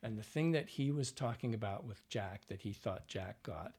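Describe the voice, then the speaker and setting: Husky-voiced male dialect coach. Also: fairly low pitch, normal speed. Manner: animated anecdotes, acts out voices, frequent fillers. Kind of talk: conversational interview storytelling.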